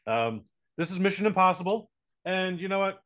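A man's voice: high voice, animated, moderate pace, a bit bright. A man co-hosting a podcast, reviewing a movie in rambling, joking, profane casual chat.

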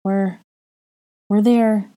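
A woman's voice: medium pitch, level tone, extremely slow, mellow, pitched above the performer's own voice. A woman voicing a frightened young wife and mother, pleading and tearful. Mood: worried.

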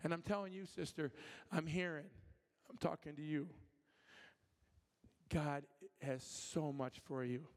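Animated man preaching in a reverberant church. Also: on the high side, measured pace, pauses often. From Michigan. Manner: animated, acts out voices in his stories, many restarts. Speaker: guest preacher. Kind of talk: sermon with storytelling and prophetic ministry. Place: church sanctuary. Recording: long hall reverb.

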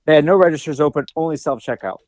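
A man's voice: on the high side, very fast, a little mellow, no echo. A man co-hosting a podcast, talking casually with hesitant starts and fillers. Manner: hesitant, lots of uh and restarts. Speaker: podcast co-host. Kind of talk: casual chat.

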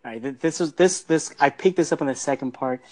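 Rambling podcast host, higher-pitched man. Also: fast talker, a little mellow, soft background music. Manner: enthusiastic, rambling, leading the talk. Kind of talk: casual movie discussion.

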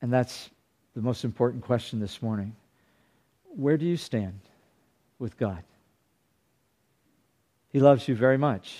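A man's voice: medium pitch, mellow. Earnest male pastor preaching. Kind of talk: sermon.

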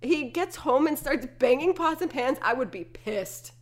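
On a podcast she co-hosts, a woman recaps a film scene by scene in relaxed conversation, laughing a lot and performing quoted dialogue. She has a high voice with lively intonation and doesn't rush.

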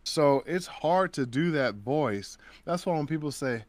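A man's voice: fairly high pitch, measured pace, no echo. A man, a voice actor and guest, chatting casually and telling stories, acting out the voices of people he quotes. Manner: animated storyteller who acts out quoted voices. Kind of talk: casual interview chat.

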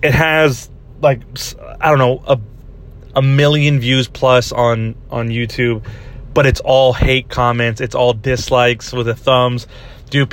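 A man's voice: medium pitch, fairly bright tone. A young man telling a rambling story in a casual podcast chat, laughing often and saying "dude" a lot. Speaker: podcast host.

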